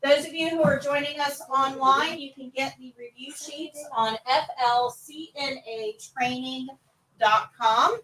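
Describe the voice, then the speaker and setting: Female instructor, high voice, upbeat classroom teaching, mic set back from her. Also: steady tone, measured pace, sharp tone, recorded from a distance, poor audio. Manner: upbeat, coaxing students to answer. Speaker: nursing assistant instructor. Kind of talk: live classroom lesson.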